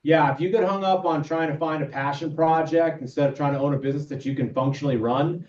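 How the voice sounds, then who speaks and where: A man's voice: fairly high pitch, fast, a little mellow. A man, a guest on a business podcast, explaining things practically, with fillers. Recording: dull, roomy, distant mic.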